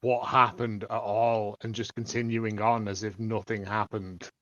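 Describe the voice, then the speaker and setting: Slow, bright-voiced man, lo-fi podcast. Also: on the low side, flat delivery, no room sound. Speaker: podcast co-host. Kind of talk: casual chat.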